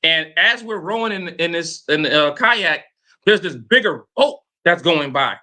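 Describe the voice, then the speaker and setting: A man with a high, strikingly bright voice tells a personal story as a motivational coach. He is dramatic and animated, and he keeps turning to address his listeners directly. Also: measured pace.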